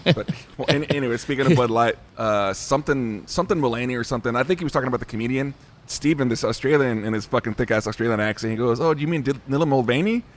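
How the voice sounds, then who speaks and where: A man hosting a casual podcast, telling stories and swearing freely. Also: mid-range voice. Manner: swears freely, brisk storytelling.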